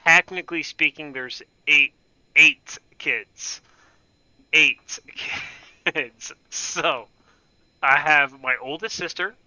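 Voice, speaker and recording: A man's voice: fairly high pitch, slow pace, bright, forceful tone, clear, resonant tone, no room sound, lo-fi sound. A young man casually telling a rambling, profane, self-mocking story on his gaming channel.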